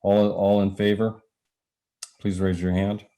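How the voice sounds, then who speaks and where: A Canadian man chairs a council meeting in a deep, flat, mellow voice. He speaks haltingly, full of fillers, and his voice is going. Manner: halting, many filler pauses. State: losing his voice.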